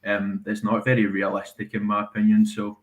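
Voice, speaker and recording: A man from Scotland with a Scottish accent, calling in to a live stream and talking haltingly with lots of pauses and restarts. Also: on the low side, monotone, rough recording. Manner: hesitant, many ums and restarts. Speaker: caller. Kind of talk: casual call-in chat.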